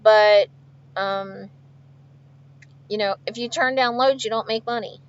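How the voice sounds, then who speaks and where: A woman's voice: mid-range voice, fairly even intonation, a little slow. Chatty trucker woman, lo-fi stream. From outside Philadelphia. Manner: chatty, laughs often, reads viewer comments aloud. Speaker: truck driver livestreaming. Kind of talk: casual livestream chat answering viewers. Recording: dull lo-fi stream audio.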